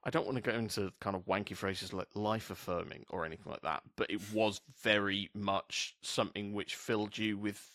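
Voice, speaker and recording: Sweary British podcast host, rambling chatter, dry close mic. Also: male voice, lowish voice, fairly even intonation, a little fast, few pauses, a bit bright, no room sound. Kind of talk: casual chat.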